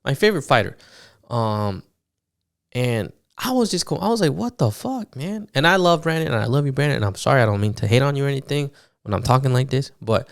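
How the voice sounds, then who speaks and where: A man recapping fights on his podcast in a loose, animated monologue, swearing often and full of fillers. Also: mid-range voice, clear, resonant tone, no room sound, clean studio sound. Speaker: podcast host.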